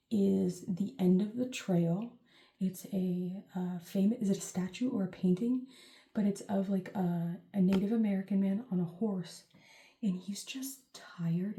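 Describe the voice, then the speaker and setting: A woman's voice: mid-range voice, dark tone. A woman giving a casual tarot reading to the camera, rambling and chatty with lots of "like" and "um". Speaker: tarot reader. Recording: roomy echo.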